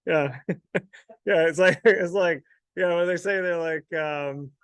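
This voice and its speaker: A man's voice: fairly high pitch, a little slow, smooth, dry recording. A chatty man hosting a casual sports interview, laughing often. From Syracuse, New York. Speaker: interviewer and show host.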